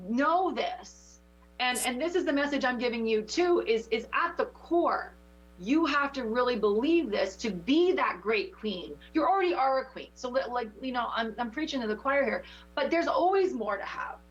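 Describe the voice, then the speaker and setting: Animated woman preaching through a card reading. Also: a little high, dull audio. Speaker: spiritual teacher giving oracle card readings. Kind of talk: intuitive coaching chat.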